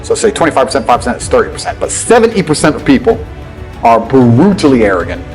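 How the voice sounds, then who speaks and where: A man's voice: mid-range voice, big pitch swings, fast talker, a little mellow, poor audio. A man from England, delivering a blunt, profane motivational rant that lectures listeners and mocks the way other people talk. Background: faint background music.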